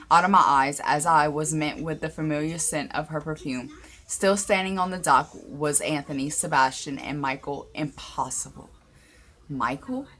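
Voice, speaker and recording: Low-voiced woman reading a spooky first-person story, trips over words now and then. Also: fairly bright tone. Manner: reads aloud with small slips and restarts.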